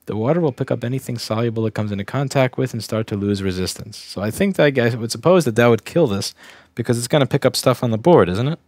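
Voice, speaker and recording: A man's voice: mid-range voice, quick pace, hardly any pauses, a little mellow, dry recording. A young adult man from Staten Island, a repair technician casually talking through a bench test on a livestream, thinking aloud, restarting sentences and speaking bluntly. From Staten Island, New York.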